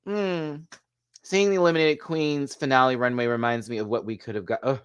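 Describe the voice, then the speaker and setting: A man hosting a live video review, gushing and excitable, chatting to viewers and laughing often. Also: mid-range voice, normal speed, pauses often, clear, resonant tone. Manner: chatty, talks back to viewers' comments. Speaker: host reviewing a TV show.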